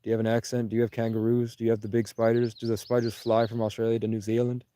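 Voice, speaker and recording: A man's voice: medium pitch, completely flat delivery, rapid-fire, mellow, no echo. A man livestreaming outdoors in the countryside, rambling casually and answering viewers' comments. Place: outdoors in rural Vermont.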